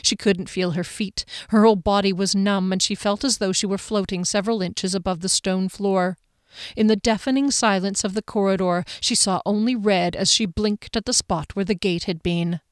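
A woman narrating a fantasy audiobook with a steady, expressive reading. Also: medium pitch, normal speed, clean tone, no room sound, studio quality. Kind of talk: scripted narration.

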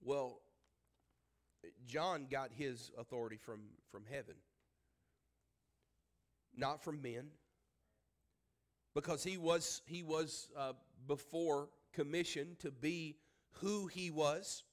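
A man's voice: on the high side, takes it slowly, pauses often. A man preaching a sermon as pastor. He speaks emphatically, repeats his phrases and asks the congregation questions.

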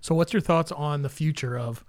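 Relaxed male interviewer, slightly high voice. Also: normal speed. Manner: relaxed, laughs along, asks long questions. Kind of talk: casual interview.

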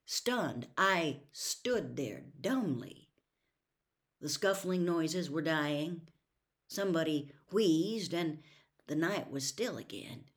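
A woman with a fairly low voice reads a novel aloud. Her delivery is slow, measured and hushed. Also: lively intonation. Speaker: story reader.

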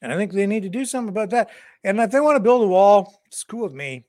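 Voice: medium pitch, expressive, fast, darkish tone, no room sound, studio quality. A co-host of a livestream news show, rambling through joking satirical commentary with mock outrage and lots of fillers. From Canada.

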